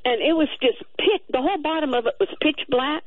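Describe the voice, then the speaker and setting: A woman calling in to a radio show, telling a story with excited, lively delivery. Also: high voice, brisk, no echo. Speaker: caller. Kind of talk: call-in radio chat. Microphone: telephone. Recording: tinny phone line.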